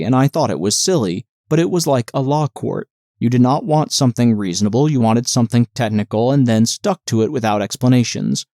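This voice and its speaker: A man narrating an audiobook in an expressive reading style. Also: mid-range voice, dry recording, clean studio sound. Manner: expressive, dialogue-driven reading.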